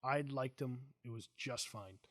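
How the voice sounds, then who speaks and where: A middle-aged man with a mid-pitched voice hosts a relaxed conversation. He tells stories in an animated, joking way. The recording is close and dry. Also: a little slow, no echo. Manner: animated storyteller, jokey. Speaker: host. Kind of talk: casual chat.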